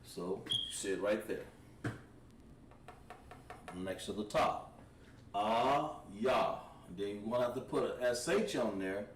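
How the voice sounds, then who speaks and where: A man with a lowish voice gives a slow, patient vocabulary lesson. He repeats each word over and over and clears his throat often. He sits well back from the mic in a roomy, echoing space with faint background noise. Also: far from the mic. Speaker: language teacher.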